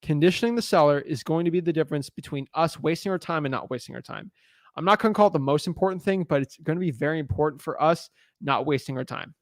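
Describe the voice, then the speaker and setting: Young guy teaching live, super confident and pushy, kinda high voice, dry no-echo sound. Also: quick pace. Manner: confident, emphatic, pushy delivery. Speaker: real estate wholesaling coach.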